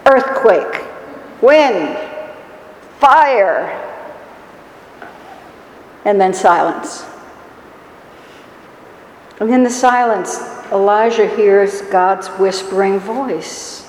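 A woman's voice: medium pitch, drawn-out words, pauses often, darkish tone, a little hiss or hum. A woman preaching a sermon in a church, telling the story with wry humor and mock-whining quotes. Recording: echoey hall with long reverb.

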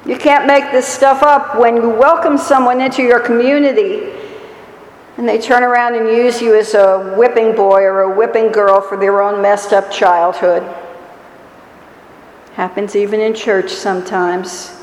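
Wry slow woman preaching in an echoey hall. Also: a little high, steady tone. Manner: wry, storytelling, acts out quotes with mock whining. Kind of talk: sermon. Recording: echoey hall with long reverb.

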